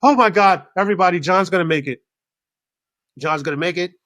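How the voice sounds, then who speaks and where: A man's voice: high voice, a little fast, fairly bright tone, dry recording, clean studio sound, pitched above the performer's own voice. A man putting on a wailing frantic woman. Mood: relieved. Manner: wailing, fretful. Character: frantic weepy middle-aged woman at an airport.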